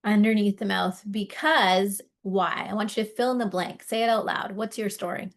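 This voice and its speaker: A woman coaching a live tapping session, gently guiding listeners through each point and encouraging them as she goes. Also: medium pitch, fairly even intonation, moderate pace. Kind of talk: guided tapping lesson, live.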